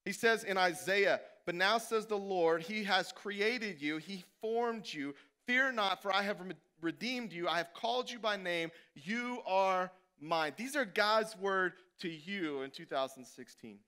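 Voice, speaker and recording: A man preaching a sermon as pastor, animated and conversational, swinging from loud to hushed. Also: high-pitched, measured pace, hardly any pauses, clean tone. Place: church.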